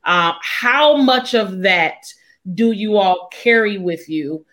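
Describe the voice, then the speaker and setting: Woman host moderating a panel, mid-pitched, halting delivery with lots of ums. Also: lively intonation, a bit bright. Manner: halting, many fillers while framing questions.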